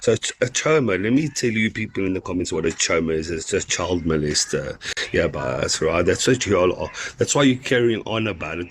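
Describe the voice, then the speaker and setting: Deep-voiced taunting South African man. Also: a little hiss or hum. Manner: taunting, crude. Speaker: livestream guest. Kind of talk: heated livestream banter.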